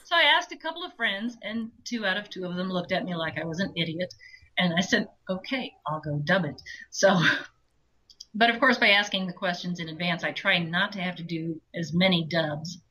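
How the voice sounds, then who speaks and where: Bright-voiced woman audiobook narrator chatting. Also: lowish voice, brisk, poor audio. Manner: chatty, animated storytelling with laughs. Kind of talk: casual interview chat.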